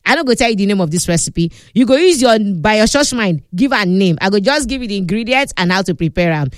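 Speaking quickly with lively intonation in a mid-range voice, this Nigerian-accented woman runs an energetic pidgin cooking demonstration in a studio. She chats and teases as she walks viewers through the recipe, loving her sound words, and there's no echo.

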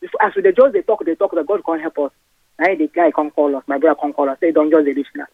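A man with a Nigerian accent calling in to a radio show, telling a rambling story in an excitable way. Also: fairly high pitch, quick pace, no echo. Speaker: caller. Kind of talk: phone-in storytelling. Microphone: phone. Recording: dull phone-line audio.

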